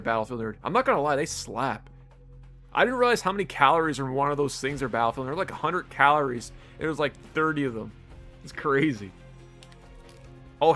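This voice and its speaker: A man's voice: medium pitch, bright, forceful tone. Laid-back, laughing male game streamer. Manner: laid-back, laughs often, chats with viewers. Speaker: live streamer. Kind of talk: casual live-stream chat.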